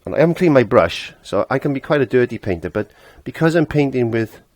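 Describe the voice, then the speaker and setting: A man's voice: medium pitch, expressive, quick pace, a little mellow, no room sound. A middle-aged man teaching a casual painting lesson, chatty and laughing at himself, trailing off when he concentrates.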